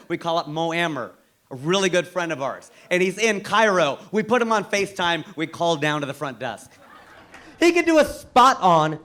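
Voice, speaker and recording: A man performing a stand-up comedy set, delivering punchlines with animated incredulity. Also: on the high side. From United States.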